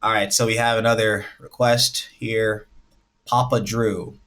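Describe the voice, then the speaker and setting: A man's voice: lowish voice, little pitch movement, a little slow, fairly bright tone. Man lecturing on a livestream. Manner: lecturing, lays out points one by one. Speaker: livestream host. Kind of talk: casual livestream talk.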